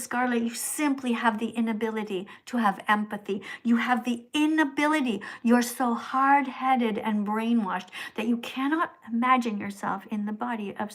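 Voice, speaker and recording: A woman's voice: on the high side, normal speed, few pauses. Scolding woman streamer, whisper to outburst. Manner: preachy, scolding, repeats the commenter's name; swings between hushed whispers and loud outbursts. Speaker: livestream host. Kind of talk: livestream reading paid chat messages.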